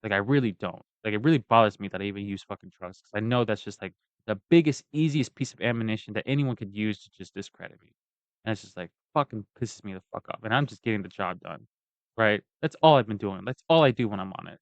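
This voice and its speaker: A man's voice: lowish voice, quick pace, no echo. A man ranting in a casual, profane and rambling way as he tells a personal story. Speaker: vlogger giving a personal account. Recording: dull lo-fi dry recording.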